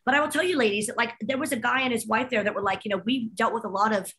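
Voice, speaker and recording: A woman's voice: a little high, very fast, fairly bright tone. A woman co-hosting a chat show, talking in a gushing, emotional, effusive way. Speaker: podcast co-host. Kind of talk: casual chat.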